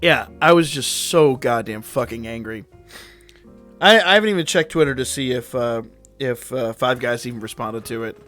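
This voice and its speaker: With a mid-range, fairly bright voice at a normal speed, a man streams a game and answers his viewers' messages. The chat is casual, rambling and profane, and faint music plays behind him.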